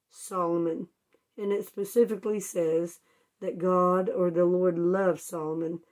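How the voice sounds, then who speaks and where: A woman's voice: lowish voice, warm tone. Woman teaching kids a Bible story. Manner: asks the children questions and answers them herself; homespun, informal phrasing.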